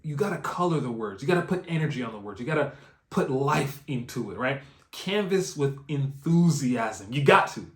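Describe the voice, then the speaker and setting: A man teaching door-to-door canvassing in an energetic, coaching way, repeating key phrases and checking in with "right?". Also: mid-range voice. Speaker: canvassing trainer. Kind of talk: instructional video training. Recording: roomy echo.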